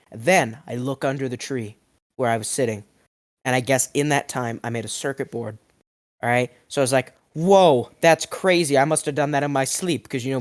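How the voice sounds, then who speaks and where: A young man who makes food review vlogs spins an absurd tall tale for comic effect, his voice ordinary and middle-pitched. Sounding mock-outraged, he lurches between mumbling and yelling, and his voice cracks now and then.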